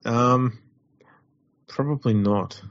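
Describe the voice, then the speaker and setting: A man's voice: mid-range voice, extremely slow, no echo. A man, co-hosting a sports chat show, rambling and wry. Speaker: podcast co-host. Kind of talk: casual chat. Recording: dull lo-fi audio.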